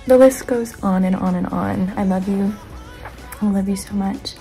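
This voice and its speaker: A woman in her twenties with a mellow, slightly gravelly voice records a loving birthday message for a close friend. She is affectionate and giggly, and a little embarrassed. Soft music plays underneath. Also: mid-range voice, moderate pace.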